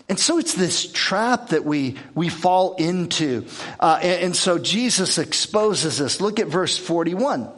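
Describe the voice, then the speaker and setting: A man's voice: sits high, expressive, unhurried, a bit bright. A man preaching a conversational sermon, earnest, repeating words and acting out the lines he quotes. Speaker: pastor.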